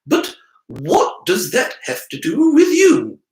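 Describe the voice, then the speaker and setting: A man's voice: extremely high pitch, huge pitch swings, slow pace, reverberant, voice pushed up, heavily acted, rough recording. A man voicing a strict older witch professor with a precise, clipped Scottish accent. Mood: stern.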